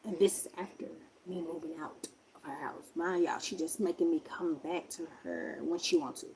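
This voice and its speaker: A young woman casually telling a personal story, acting out other people's voices with big jumps in pitch. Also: fairly even intonation, moderate pace, creaky, a little mellow, a little hiss or hum. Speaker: vlogger telling a life story.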